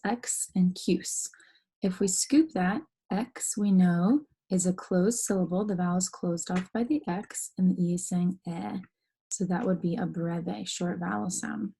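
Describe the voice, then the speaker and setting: Female teacher for a phonics lesson. Husky, slightly gravelly voice, patient step-by-step explaining. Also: fairly low pitch, dark tone. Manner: slow, careful, explaining step by step. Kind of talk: phonics lesson for young students.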